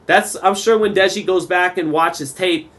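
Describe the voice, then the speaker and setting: A man giving round-by-round boxing commentary for a live stream, relaxed and chatty, reading viewer comments aloud. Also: sits high, moderate pace.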